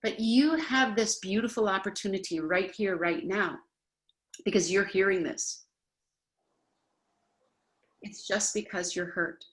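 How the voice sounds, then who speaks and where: A woman's voice: a little slow, long pauses. A woman teaching a spoken self-help class in an earnest, coaching manner, now and then acting out indignant voices. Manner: earnest, acts out indignant voices with rising pitch.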